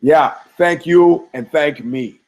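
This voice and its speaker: A man's voice: on the high side, slow pace, darkish tone, rough recording. A man hosting a fight podcast, rambling through profane stories and asides with frequent restarts. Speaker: podcast host. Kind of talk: rambling casual commentary.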